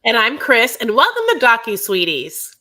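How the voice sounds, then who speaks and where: A woman's voice: on the high side, lively intonation, moderate pace, sharp tone. Chatty woman podcast co-host. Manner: chatty, rambling, lots of fillers. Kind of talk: casual chat about reality TV.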